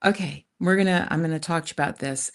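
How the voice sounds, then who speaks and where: Low-voiced lady doing a tarot live stream, chatty, lots of asides to "you guys". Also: quick pace. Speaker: tarot reader, channel host. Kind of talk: casual live-stream chat. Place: indoor rented room in the countryside.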